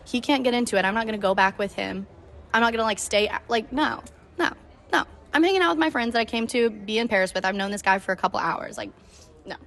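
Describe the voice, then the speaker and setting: A nineteen-year-old woman hosts her own podcast, telling a chatty story full of "like" and acted-out quotes. Her voice is a little high, expressive and fairly bright, and she talks fast.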